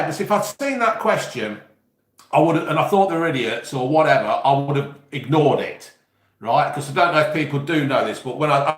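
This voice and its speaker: On his live stream, a YouTube host from England with an East Midlands accent rambles and swears casually while chatting with viewers. His voice sits a little high, and the sound is roomy.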